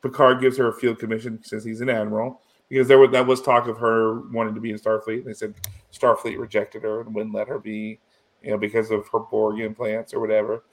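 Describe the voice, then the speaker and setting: Speaking a little fast in a lowish voice with little pitch movement, this man goes over a TV episode in relaxed conversation. His telling wanders, packed with "you know" and false starts, and emotion creeps in.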